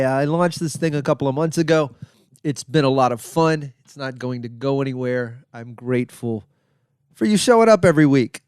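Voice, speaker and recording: A man's voice: on the high side, clean tone, no echo, studio quality. A male comedian hosting his own podcast in a casual, rambling, joking solo monologue. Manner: rambling, joking, self-deprecating.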